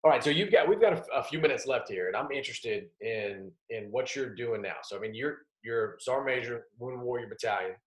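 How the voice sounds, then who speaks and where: A man hosting an interview, asking questions and reflecting thoughtfully, with many halting fillers. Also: mid-range voice, expressive. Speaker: podcast host and interviewer. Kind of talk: conversational interview. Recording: roomy echoey sound.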